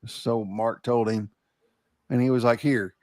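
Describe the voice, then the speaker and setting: A man's voice: mid-range voice, level tone, measured pace, a little mellow, no room sound. Brief: male host, casual podcast chat, dry close sound. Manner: casual, says "bro" and "dude", affirming interjections.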